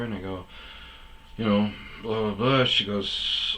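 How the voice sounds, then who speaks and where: A man's voice: low voice, a little slow, pushed and bright, a little hiss or hum, poor audio. A man telling a long personal story in a rambling, casual way, full of fillers and quoted back-and-forth. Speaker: podcast host telling stories.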